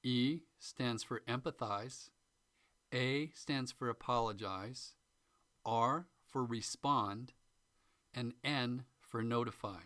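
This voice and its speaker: A man's voice: medium pitch, takes it slowly, fairly bright tone, no room sound. Man giving a listening-skills talk, dry sound. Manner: lists numbered tips and acts out short example lines. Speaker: instructor.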